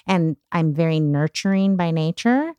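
Low-voiced woman guest, relaxed and dry. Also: normal speed, clean tone, dry recording. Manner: relaxed, agreeable, lots of fillers. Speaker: guest, talent manager. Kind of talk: casual chat.

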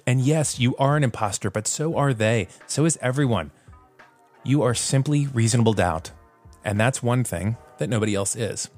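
A man hosting a solo podcast in a casual, self-deprecating way, laughing at himself and using plenty of fillers. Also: lowish voice. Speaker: podcast host.

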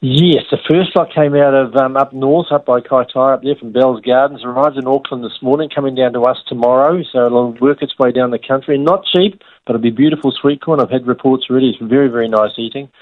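A man's voice: mid-range voice, brisk, hardly any pauses, dry recording. A man with a New Zealand accent, a fruiterer chatting upbeat and friendly as a weekly radio guest over the phone. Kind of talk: casual radio phone chat. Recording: tinny phone line.

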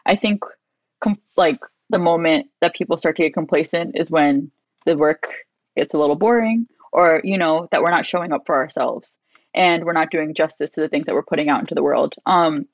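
A young woman talks as a guest in an interview. She is animated and chatty, leans on "like", and her voice sits a little low for a woman. The sound is dry and a bit dull. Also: a little fast, dry recording. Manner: animated, heavy use of "like", acts out quotes in a higher voice. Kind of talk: casual interview storytelling.

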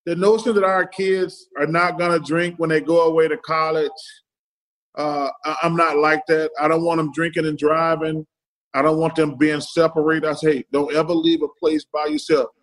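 Middle-aged man, podcast guest who tells stories in quoted dialogue, voice pitched slightly high. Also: little pitch movement, moderate pace, fairly bright tone, poor audio. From Alabama, US. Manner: retells stories in quoted dialogue, keeps repeating "I said". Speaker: podcast guest, former pro athlete. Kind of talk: casual storytelling.

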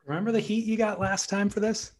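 A man co-hosting a casual surf podcast, relaxed and teasing, and keen when he praises a surfer. His voice sits slightly high. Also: fast talker. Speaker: podcast co-host. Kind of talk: casual surf talk chat.

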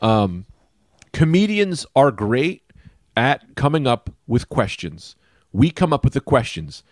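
A man hosting a podcast in casual comedian chat, animated and profane, jumping into loud mock voices. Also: mid-range voice, takes it slowly, dry recording, clean studio sound. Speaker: podcast host.

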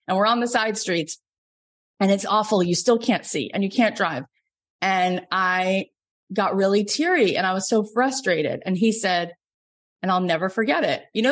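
A woman in her forties from Florida, a business coach telling personal stories in a lively podcast talk. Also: a little fast. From Florida, USA. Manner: lively storytelling, jumps up in pitch for quoted dialogue.

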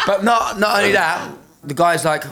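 A man's voice: sits high, moderate pace, heavy background noise. A young man from England, a guest singer, telling a casual story with laughter and acted-out quotes.

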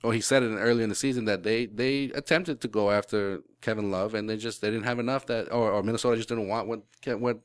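A man's voice: fairly low pitch, steady tone, fast, hardly any pauses, no echo, clean studio sound. A male podcast host in casual sports chat, rambling with lots of restarts and the odd swear word.

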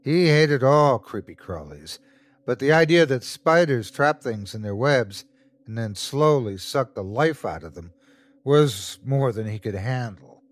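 A man's voice: medium pitch, lively intonation, measured pace, no room sound. A man narrating a scripted horror story as the show's host, telling it expressively.

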